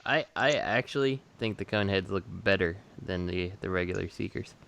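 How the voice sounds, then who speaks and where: A man's voice: low voice, moderate pace, creaky, fairly bright tone, slight background noise. A man co-hosting a casual podcast chat, explaining details step by step. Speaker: podcast co-host.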